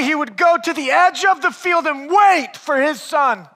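A man preaching a sermon as pastor, conversational and animated, swinging between loud and hushed, and often calling listeners "man". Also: very high-pitched, normal speed, few pauses.

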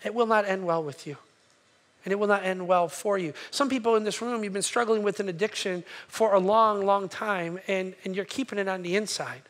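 A man with a high-pitched voice delivers a sermon from the pulpit. He keeps it conversational, often turning to the congregation with a quick "right?" to check they are following. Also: steady tone, fairly bright tone. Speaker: pastor. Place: church sanctuary.

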